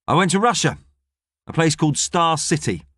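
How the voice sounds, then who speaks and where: A grumpy, sarcastic middle-aged astronaut, as a man reading an audiobook puts him on, voice lifting sharply as he snaps back. Recorded dry and close, with a lively, swinging pitch. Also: moderate pace, no room sound. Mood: exasperated. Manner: sarcastic, exasperated.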